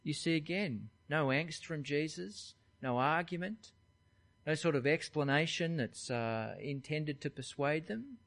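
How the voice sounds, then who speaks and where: A man's voice: fairly high pitch, lively intonation, unhurried, fairly bright tone. A man, preaching by talking through a Bible passage verse by verse in a conversational way. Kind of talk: expository Bible teaching.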